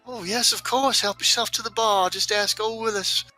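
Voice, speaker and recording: A man's voice: high-pitched, fairly even intonation, sharp tone, soft background music, pitched above the performer's own voice. A man doing a prim saloon madam. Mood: coy polite. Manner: prim, drawn-out, sweetly formal. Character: genteel female saloon madam, coy and polite.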